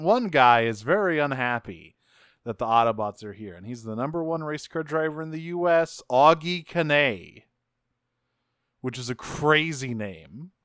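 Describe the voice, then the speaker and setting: A man co-hosts a podcast, recapping episodes in laid-back, joking talk. His voice is smooth and clear. The sound is dry and close. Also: mid-range voice, a bit bright, dry recording. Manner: laid-back, swears, laughs often. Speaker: podcast co-host. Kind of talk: casual chat recapping a cartoon.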